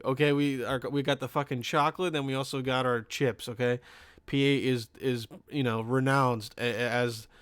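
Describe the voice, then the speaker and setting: A man's voice: mid-range voice, clean tone, no room sound, studio quality. Profane young man telling a story. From Pennsylvania. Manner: profane, rambling, animated storytelling. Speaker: podcast host. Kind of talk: comedic storytelling.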